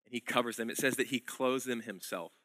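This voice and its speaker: A pastor preaches a sermon, telling a story conversationally and swinging between loud emphasis and hushed lines. He has a mid-range voice and talks a little fast. The recording is dry.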